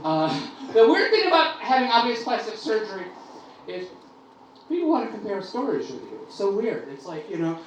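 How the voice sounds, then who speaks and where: A woman's voice: medium pitch, sing-song, moderate pace. A woman doing stand-up comedy with a brash, bawdy, exaggerated delivery on a comedy club stage. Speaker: stand-up comic. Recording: echoey club miked from a distance, loud room noise.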